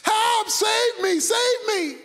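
A man voicing a terrified man dangling from a cliff branch, shouting frantic pleas. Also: very high-pitched, slow, in a large hall, pitched above the performer's own voice, heavily acted. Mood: panicked.

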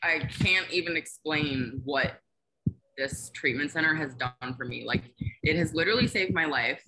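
A woman's voice: low-pitched, normal speed, background noise. A young woman giving a heartfelt testimonial over a video call, earnest and gushing with lots of fillers. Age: young adult. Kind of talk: casual emotional testimonial.

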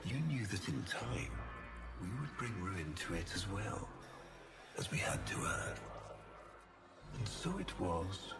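An actor with a Scottish accent playing a scheming older man in a game cutscene, theatrical and menacing with hushed whispers. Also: sits low, animated, slow pace, pauses often, exaggerated voice. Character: scheming older man, a cold, gloating villain. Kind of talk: video game cutscene acting. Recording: game audio with loud music underneath.

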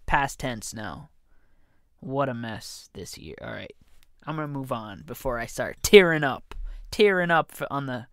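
A man's voice: medium pitch, a bit bright, smooth, no room sound. A man hosting a comedy podcast alone, meandering and self-deprecating, joking about himself as he talks into a studio mic. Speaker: podcast host. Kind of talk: rambling comedy podcast monologue. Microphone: studio condenser mic.

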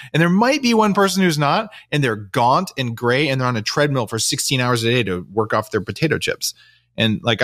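Dry, low-voiced American host with wry humor. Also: male voice, fairly bright tone, no room sound. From United States. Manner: wry, sarcastic asides. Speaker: podcast host. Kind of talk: interview conversation.

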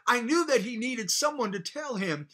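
A fervent male preacher with a high, bright voice. He delivers his sermon with hallelujahs between phrases and slips into storytelling full of restarts. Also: expressive, moderate pace. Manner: storytelling with repeated false starts.

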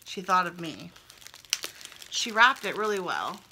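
At home, a young adult woman vlogger opens fan mail, chatting casually, gushing and thinking aloud. Her lowish voice is sing-song and unhurried, against a noisy background.

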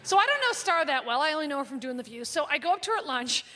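A woman's voice: high-pitched, very animated, rapid-fire, bright, forceful tone. A woman comedian telling a brash, profane, gossipy story on stage. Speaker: stand-up comedian. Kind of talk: stand-up storytelling. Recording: live hall recording with audience.

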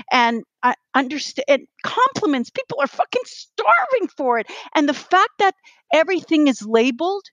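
A woman's voice: high voice, fairly bright tone, no echo, poor audio. A woman guest on a podcast, talking bluntly and with swearing, acting out little back-and-forth dialogues as she makes her point. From Israel. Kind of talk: animated rant.

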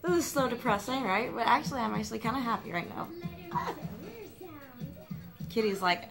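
A young woman rambles to her camera at home, half joking at her own expense. Her voice keeps a gravelly fry at the ends of phrases. Music plays in the room behind her. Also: fairly high pitch, lively intonation, normal speed, pauses often. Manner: rambling, self-mocking, full of fillers and restarts. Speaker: vlogger. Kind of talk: rambling confessional vlog.

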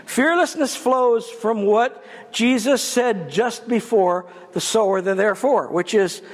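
In a church sanctuary full of long reverb, a man with a high-pitched voice preaches as a guest, speaking a little slowly in a conversational style sprinkled with humor.

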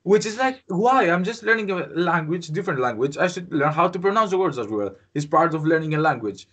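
A man's voice: fairly high pitch, lively intonation, fast talker, a bit bright. Greek man chatting, hesitant. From Greece. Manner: rambling, hesitant, many fillers. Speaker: host. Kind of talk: casual interview chat.

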